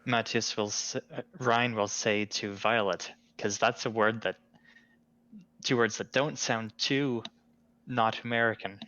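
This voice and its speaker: Low-ish bright guy saying what his character does, dull dry mic. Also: steady tone, unhurried, dry recording. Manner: plain, matter-of-fact declarations of actions. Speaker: player. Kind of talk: playing a tabletop game online.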